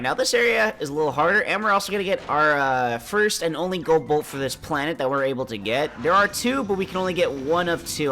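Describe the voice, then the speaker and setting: A man's voice: mid-range voice, bright, forceful tone. Congested man narrating gameplay. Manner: laid-back, chatty, explains as he plays. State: congested, under the weather. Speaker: gameplay commentator. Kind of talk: casual let's-play commentary.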